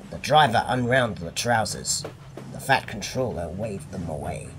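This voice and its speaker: A man reading a children's railway story aloud as the regular storyteller, in an expressive, unhurried manner. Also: lowish voice, breathy edge.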